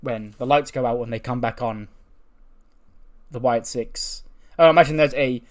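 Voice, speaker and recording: A relaxed man talks through his wrestling simulator run in casual commentary, mixing recaps with swearing and amused asides. His voice sits in a typical middle pitch. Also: moderate pace. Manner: laid-back, swears, laughs at results. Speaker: gaming channel host.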